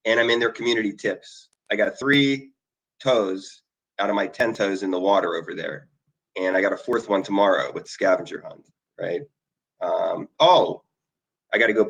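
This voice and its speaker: Middle-aged male host, gravelly, rambling and eager, casual screen-share chat. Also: lowish voice, a bit bright, poor audio. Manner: rambling, emotional, plugs things eagerly. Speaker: online marketing video host. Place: indoor conference room.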